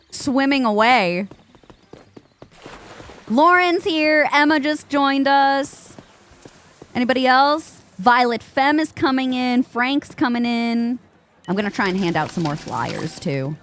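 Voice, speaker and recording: A young woman Twitch streamer chats live with her game's characters and greets her viewers. Her high voice is expressive and slow, with long pauses.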